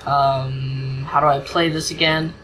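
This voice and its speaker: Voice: medium pitch, level tone, slow pace, a bit bright, slight background noise, poor audio. A gamer giving casual, goofy commentary while playing, joking and humming nonsense tunes. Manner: goofy, sings nonsense and jokes at the game. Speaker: gameplay commentator. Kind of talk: casual let's-play commentary.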